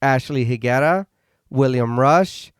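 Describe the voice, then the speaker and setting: A man's voice: mid-range voice, measured pace, smooth, dry recording, studio quality. A man co-hosting a horror podcast, steadily reading out a long list of supporters' names. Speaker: podcast co-host. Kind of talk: reading a patron thank-you list.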